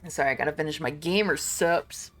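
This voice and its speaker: Woman, streamer, slightly low pitch, casual chat, reads game text aloud, laughs often, swears. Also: brisk, faint music behind.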